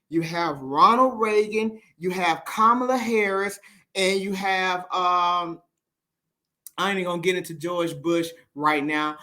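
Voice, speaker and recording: A man with a high, sharply bright voice delivers unscripted political commentary on a stream. He talks emphatically, circling back to repeat his points and often restarting mid-sentence. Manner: emphatic and repetitive, restarts a lot.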